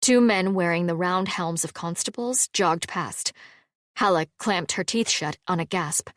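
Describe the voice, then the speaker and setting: Measured woman narrating an audiobook. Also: fairly low pitch, a bit bright, no room sound, studio quality. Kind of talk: scripted narration.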